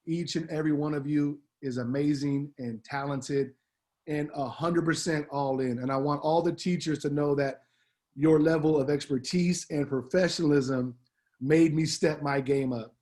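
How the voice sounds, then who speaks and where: A middle-aged man, the departing assistant principal, delivers an upbeat, heartfelt farewell over the school announcements. His voice is a little high with a darkish tone, and his speech is slangy and packed with fillers.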